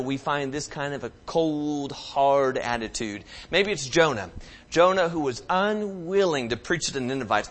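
A male pastor preaching a sermon, swinging between loud, emphatic lines and quiet, low asides, and acting out the voices in the scripture stories he retells.

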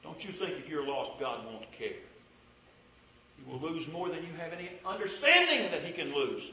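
Earnest high-voiced preacher, lively and roomy. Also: male voice, normal speed, slight background noise. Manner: earnest, pleading, rhetorical questions to the congregation. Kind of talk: sermon. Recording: roomy, dull lo-fi sound.

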